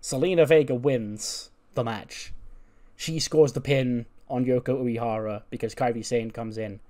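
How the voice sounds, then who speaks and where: A man's voice: medium pitch, fairly even intonation, mellow. Chatty, laughing gaming commentator, man. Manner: chatty and amused, laughs often, retells scenes in quick dialogue. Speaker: video game let's player. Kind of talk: casual commentary recapping a wrestling sim. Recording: faint background music.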